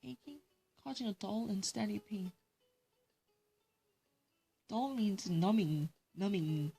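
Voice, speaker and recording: A woman's voice: mid-range voice, expressive, slow, creaky, warm tone, husky, soft background music. A woman with a Korean accent, Korean as her first language, reading English vocabulary words and definitions aloud and explaining them in casual solo study.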